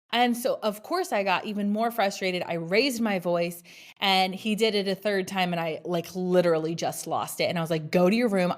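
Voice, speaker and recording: Frank, chatty woman podcast host. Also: medium pitch. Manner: frank, chatty storytelling with many "like" fillers. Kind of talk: candid solo podcast monologue.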